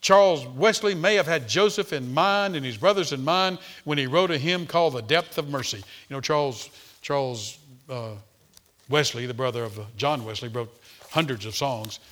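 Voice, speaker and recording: A man preaching a sermon, swinging between loud emphasis and hushed tones, and repeating words as he speaks off the cuff. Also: mid-range voice, normal speed.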